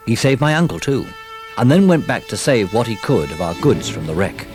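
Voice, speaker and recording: A man narrating a children's storybook recording in a lively, expressive telling. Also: mid-range voice. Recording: old storybook record with music.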